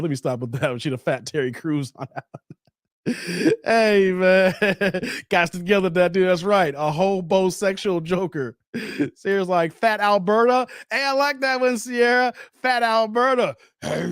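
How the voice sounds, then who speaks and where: A man hosts a casual stream and riffs on viewer comments. His voice sits high and swings widely as he laughs and jokes. The sound is close and dry, with no room around it. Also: unhurried, no echo. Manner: animated, laughing, slang-heavy banter. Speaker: host reading viewer comments.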